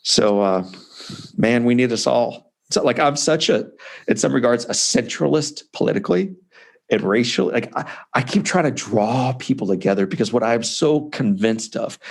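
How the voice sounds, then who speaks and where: A man in his forties from Missouri, a guest author telling an emotional personal story in an earnest, impassioned way with dramatic pauses, heard over a video call. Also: medium pitch, gravelly. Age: 40s.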